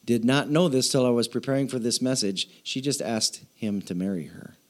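Joking, animated man preaching a sermon. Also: medium pitch, moderate pace. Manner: casual, joking, animated storytelling. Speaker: pastor.

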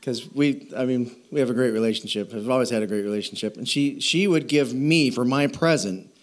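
A pastor with a mid-range voice preaches a sermon briskly and conversationally. He tosses in laughing asides and puts questions to his listeners.

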